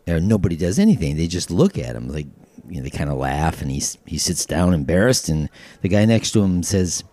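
A man hosts his own podcast and tells jokes in an easygoing way, slipping into quick character voices for the punchlines. His voice is low and mellow. The recording is dry and close. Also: animated, no room sound. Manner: storytelling with put-on character voices and shouted punchlines. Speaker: podcast host. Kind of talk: casual joke telling.

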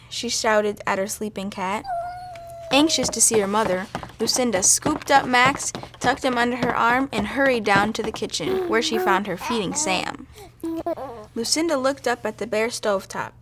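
A young woman reading a children's storybook aloud in a lively, expressive way. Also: a little high, moderate pace, slight background noise.

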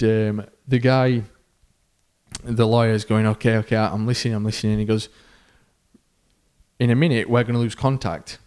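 A man co-hosting a podcast, telling a long story in a casual way and acting out the voices of the people in it. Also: fairly low pitch. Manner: animated storyteller who acts out quoted voices, with fillers. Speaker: podcast co-host.

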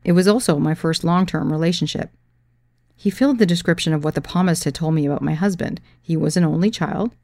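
Low, gravelly woman narrating a memoir. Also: fairly quick, a little mellow, dry recording. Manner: wry, dry humor.

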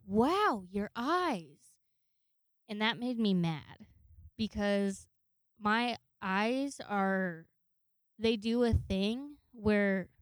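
A woman's voice: mid-range voice, clean tone, no room sound. A woman in her twenties telling a personal story in a rambling, profane way, laughing often. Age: 20s. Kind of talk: casual storytelling.

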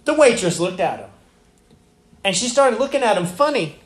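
A man's voice: high voice, wildly swooping pitch, normal speed, roomy sound. A man preaching a sermon as pastor, talking in a loose, conversational way and turning to ask the congregation questions.

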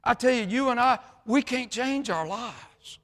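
High-voiced preacher in a reverberant hall. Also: male voice, lively intonation, a little slow. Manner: swings from shouting to hushed, many fillers. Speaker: pastor. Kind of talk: sermon.

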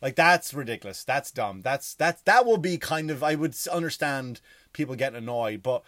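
An Irish man from Ireland ranting casually, profane and animated, firing off rhetorical questions. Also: mid-range voice, normal speed, no room sound, studio quality.

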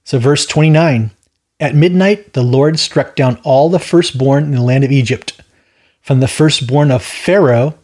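Husky man teaching scripture. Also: medium pitch, unhurried, darkish tone. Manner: rambling, stammers and repeats words, opinionated asides. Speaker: Bible study host. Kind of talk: verse-by-verse Bible teaching.

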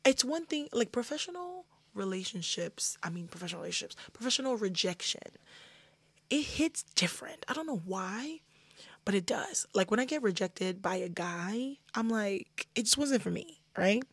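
A young woman in her twenties hosting a casual podcast, animated, swinging between loud venting and soft asides. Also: medium pitch, normal speed, breathy edge, no room sound. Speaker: podcast host.

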